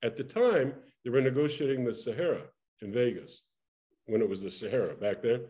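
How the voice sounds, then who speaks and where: An older man, a guest in an interview, tells a lively story from his performing days, laughing often and restarting his sentences. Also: medium pitch, a little fast. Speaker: interview guest, former actor and singer. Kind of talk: casual anecdotal storytelling.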